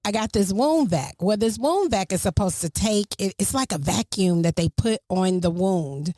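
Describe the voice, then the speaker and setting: A middle-aged woman hosting a casual family podcast, telling a story with lively, swinging emphasis. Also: normal speed. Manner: animated, storytelling, swings pitch widely for emphasis. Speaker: podcast host.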